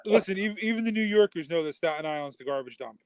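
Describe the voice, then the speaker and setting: A man joins a podcast as a guest and trades blunt, slangy banter. His voice is fairly high and smooth, and the recording is dry and close. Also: animated, fast talker, dry recording. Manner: blunt, slangy trash talk.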